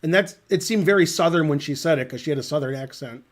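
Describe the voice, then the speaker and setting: A middle-aged man with a slightly higher-than-usual voice, casually commentating a chess game. He drifts into long, dry, rambling digressions. His delivery is loose, offhand and conversational. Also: quick pace.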